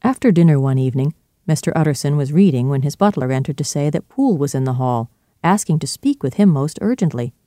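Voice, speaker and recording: A man narrating a classic novel in a clear, steady storytelling style. His voice is mellow and dark, and the recording is dry and close. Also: on the high side, quick pace, no room sound. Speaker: audiobook narrator. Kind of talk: scripted narration.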